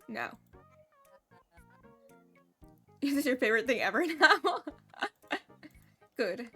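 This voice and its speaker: A woman's voice: high-pitched, sing-song, very slow, long pauses, sharp tone, slightly rough, faint music behind. A woman streaming a cozy game, chatting in a playful, silly, giggly way. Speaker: gaming streamer. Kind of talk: casual live-stream chat.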